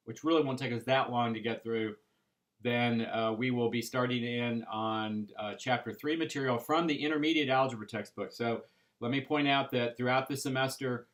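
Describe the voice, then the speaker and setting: A man teaching an algebra class, explaining step by step in a patient way with frequent pauses and "right?" checks. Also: medium pitch, fairly bright tone. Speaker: math instructor. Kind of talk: recorded classroom lecture.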